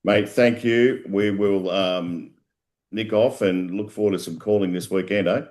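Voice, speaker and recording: A man's voice: deep voice, fairly even intonation, a little slow, a little mellow. A man with an Australian accent co-hosting a sports show, telling a joke in a rambling way with restarts and self-corrections. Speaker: co-host.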